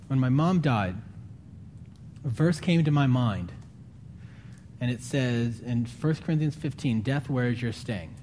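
A man preaching a sermon in an earnest, conversational way, his voice climbing higher when he pleads. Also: expressive, measured pace, long pauses, a little mellow, slight background noise. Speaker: pastor.

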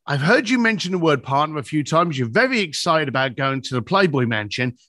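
A middle-aged man telling an animated anecdote, acting out both sides of a phone call. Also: fairly quick, no echo, studio quality. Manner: acts out both sides of a phone call, shifting pitch a lot. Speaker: storyteller.

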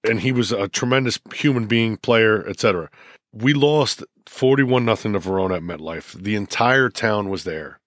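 A middle-aged man, a high school football coach, telling stories emotionally in a casual interview, with many restarts and repeats. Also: normal speed, no echo, studio quality.

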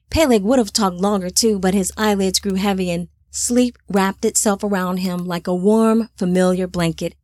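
A woman narrating a scripted storybook in a gentle, even manner. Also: medium pitch, dry recording.

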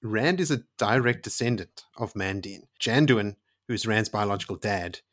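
Male podcast co-host, somewhat low pitch, eager and chatty while recapping a novel. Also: normal speed, fairly bright tone. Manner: enthusiastic, retelling the story with emphatic asides. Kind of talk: casual book discussion.

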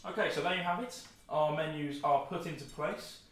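A man's voice: fairly high pitch, fairly quick, fairly bright tone. A young man in his twenties hosting a casual family podcast, playfully announcing his dishes with mock ceremony. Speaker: podcast host. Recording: roomy, distant mic, faint clatter.

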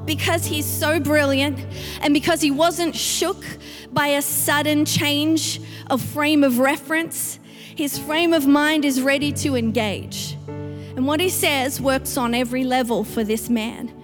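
A woman pastor preaching a sermon to her church, building to emphatic, rising outbursts. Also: high voice. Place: church sanctuary. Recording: long reverb with faint music.

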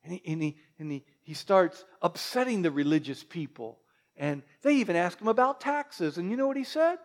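A man preaching a sermon as pastor, lively, with joking asides to the congregation. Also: sits high, moderate pace.

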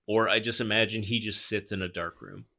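A man's voice: on the low side, steady tone, a little fast, sharp tone. A young man co-hosting a casual film review podcast, sarcastic, swearing and laughing often. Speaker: podcast co-host. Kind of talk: casual movie review chat.

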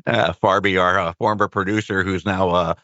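A man's voice: low-pitched, steady tone, normal speed, pushed and bright, no echo. Easygoing middle-aged man, dry muffled sound. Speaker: radio host, co-host. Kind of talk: casual chat.

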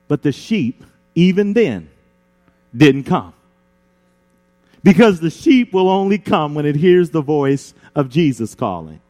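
A man preaching a sermon as pastor, building emphasis with dramatic pauses. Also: on the high side, sing-song, mellow.

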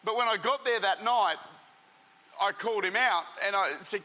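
A man who is a traveling preacher and senior pastor, telling stories as an interview guest in a lively way, often restarting and repeating words. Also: high-pitched, normal speed, in a large hall, low-quality recording.

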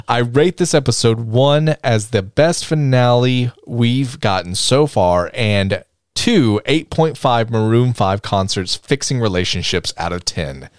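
A man's voice: mid-range voice, clear, resonant tone, dry recording, studio quality. A man hosting a casual podcast chat, reading out listener comments and stumbling over the words now and then.

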